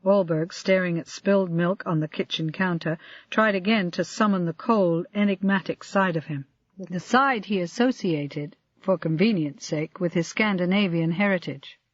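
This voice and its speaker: An audiobook narrator reading a crime novel in an even, measured way. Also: mid-range voice, no echo. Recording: dry, slightly dull lo-fi audio.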